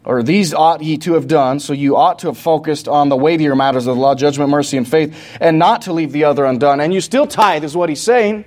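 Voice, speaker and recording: A man delivering a sermon in a fairly high voice. He works through the verses in a loose, conversational way, stopping and restarting, and then climbs into loud, passionate preaching. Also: a little fast, few pauses. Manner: preaches from scripture, builds to loud impassioned shouting; conversational asides with many restarts.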